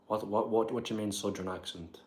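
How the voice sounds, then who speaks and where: A man's voice: on the low side, steady tone, brisk. A man with a Dublin Irish accent rambling casually on a livestream from his apartment, full of "like" and "bro". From Ireland. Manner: rambling, says "like" and "bro" often. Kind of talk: casual livestream chat, reading comments aloud.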